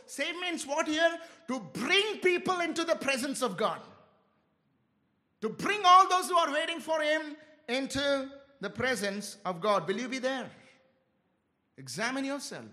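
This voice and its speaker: A man's voice: sits high, sharp tone. A man preaching an expository sermon to a congregation, emphatic and repetitive, often putting questions to his listeners. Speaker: pastor.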